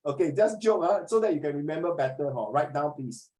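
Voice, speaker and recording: This is a middle-aged man with a Singaporean English accent who is teaching a class. He jokes, keeps things lively and fires questions at his students. His delivery is chatty and full of local turns of phrase. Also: a little high, fairly quick, few pauses, poor audio. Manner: joking, animated, asks students questions.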